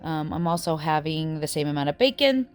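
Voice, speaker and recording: A woman's voice: low voice, lively intonation, fairly quick, clean tone. A woman in her forties chatting casually through a food diary vlog, often sounding a little out of breath. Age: 40s. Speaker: vlogger. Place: various rooms and a dance studio.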